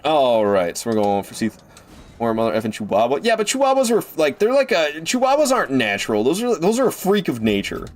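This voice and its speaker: A man's voice: fairly high pitch, huge pitch swings, fairly quick. Swearing, rambling male game streamer. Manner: rambling, swears freely, goes off on rants. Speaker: streamer playing a video game. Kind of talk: casual gameplay commentary.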